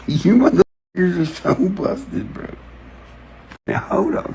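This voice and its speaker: Gravelly man on a profane rant. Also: high-pitched, slow pace, pauses often, a little hiss or hum. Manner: excited, profane, jumps between topics, acts out quotes. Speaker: online creator. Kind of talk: rambling rant to camera.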